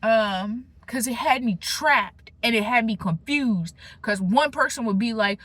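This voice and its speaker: A young adult woman sharing a personal faith testimony in a casual vlog, talking emphatically with slangy asides and restarts, swinging from animated bursts to hushed low moments. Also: unhurried, hardly any pauses, breathy edge, dry recording. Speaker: faith vlogger.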